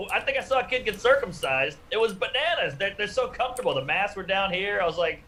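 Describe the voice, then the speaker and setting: A stand-up comedian from New Orleans trading road stories in podcast banter, telling them in an animated, profane way. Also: male voice, high voice, fast talker, slight background noise, rough recording.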